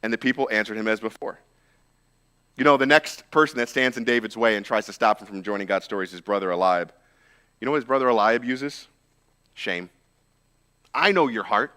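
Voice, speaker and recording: A man's voice: lowish voice, a little fast, sharp tone, clean tone. A man, a pastor, preaching a casual sermon that tells a Bible story informally with frequent "like" and "right?" asides.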